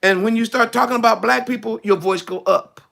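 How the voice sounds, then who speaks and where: A man preaching a conversational sermon, drops his voice low for emphasis. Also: brisk, gravelly, a bit bright.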